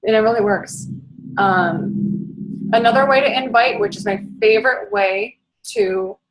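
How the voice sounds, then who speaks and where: A young woman from the Boston area who talks very fast in a bubbly, chatty way as she coaches her team in a casual talk. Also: a little high. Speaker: network marketing fitness coach.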